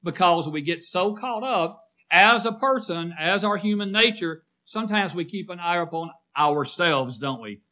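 A man's voice: sits high, lively intonation, moderate pace, pushed and bright. A man preaching a sermon to his congregation, emphatic and repetitive, calling on listeners by name and asking them to answer back. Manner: emphatic, repeats phrases, calls on listeners by name. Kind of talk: sermon with congregation call-and-response.

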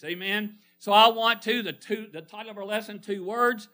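Preacher, male, high and very bright voice; call-and-response sermon, slows on key words. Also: steady tone. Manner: call-and-response with the congregation, asking them to fill in words. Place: church.

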